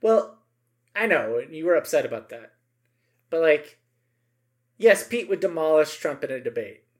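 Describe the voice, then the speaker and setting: A man's voice: fairly high pitch, very animated, moderate pace. A middle-aged man co-hosting a podcast, chatting casually and emphatically about politics, with many asides and tag questions.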